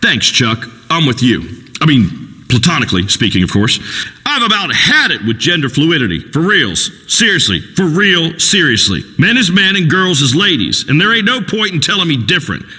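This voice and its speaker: A man's voice: fairly high pitch, very animated, normal speed, sharp tone, husky, in a large hall, full character voice, low-quality recording. An actor playing a crude, macho rural male talk-radio host in a comedy game radio show, drawling and preachy. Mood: boastful.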